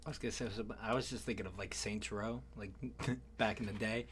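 A man's voice: fairly low pitch, steady tone, brisk, a little hiss or hum. A man in casual podcast chat, goofy and emphatic, laughing at his own jokes. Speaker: podcast co-host.

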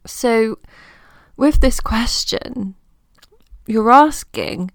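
Unhurried woman with a gravelly edge. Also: a little high, no echo, clean studio sound. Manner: gentle, reassuring, thinking aloud. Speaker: coach and podcast host. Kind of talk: reflective solo podcast talk.

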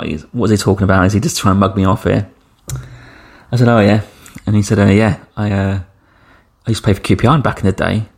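A man's voice: fairly low pitch, steady tone, fast talker, creaky, a little mellow, breathy edge. A man hosting a travel podcast, telling a story in a chatty way and acting out the people he quotes. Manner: chatty, acts out quoted dialogue with shifting voices. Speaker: podcast host. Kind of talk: casual storytelling.

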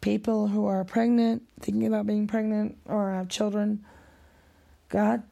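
Gravelly, emotional middle-aged woman. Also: medium pitch, flat delivery, a little slow, warm tone. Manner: rambling, emotional, drops into whispers. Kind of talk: emotional vlog monologue.

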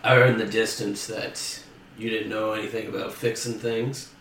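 A man's voice: on the low side, flat delivery, moderate pace, a bit bright, close to an everyday voice. A man playing a boastful racing uncle, off-mic. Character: cocky uncle, boastful street racer. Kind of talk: improv comedy role-play. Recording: distant echoey room with faint noise.

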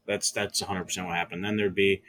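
Bright-voiced young man telling stories. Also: low-pitched, quick pace. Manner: animated storyteller, swears often, laughs mid-sentence. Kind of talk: casual chat.

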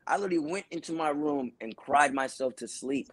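With a medium-pitched voice at normal speed, this actor guest from Brooklyn swaps laid-back, slang-filled stories, animatedly imitating different voices. No room sound is audible.

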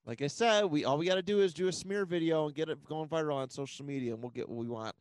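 A man co-hosting a casual sports podcast, animated and quick to laugh. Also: on the high side, smooth, no echo. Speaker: podcast co-host.

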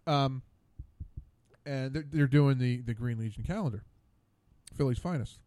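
A man's voice: medium pitch, a little slow, dark tone, no echo. Stammering, exasperated male radio host. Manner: stammering, repeating words, exasperated. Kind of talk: casual rambling monologue. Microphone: studio mic.

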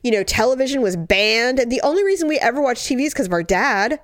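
A woman hosting a podcast in casual chat, talkative and animated, filling her talk with "you know" and "like" as she reads out listener stories. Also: fairly high pitch, fast talker, dry recording, clean studio sound. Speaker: podcast host.

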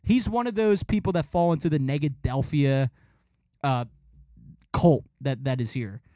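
A man chatting casually about sports on a podcast, animated and fond of doing impressions. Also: a little high, a little slow, no echo. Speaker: podcast host.

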